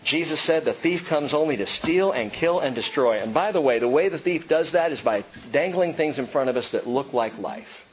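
A man preaching an Easter sermon to a church congregation, with animated delivery and acted-out voices of the people he describes. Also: fairly high pitch, normal speed, few pauses, lo-fi sound. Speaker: pastor.

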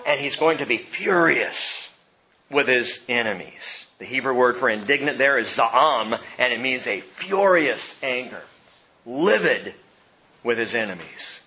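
A middle-aged man preaching a sermon, telling stories with swings from hushed to loud. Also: mid-range voice, lively intonation, a little slow, muffled recording. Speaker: pastor.

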